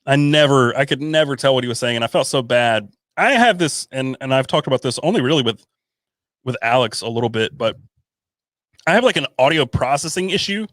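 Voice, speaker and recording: A man's voice: mid-range voice, a little fast, no echo, clean studio sound. A man co-hosting a podcast, chatting casually and tending to mumble. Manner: mumbling, relaxed. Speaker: podcast co-host. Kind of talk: casual chat.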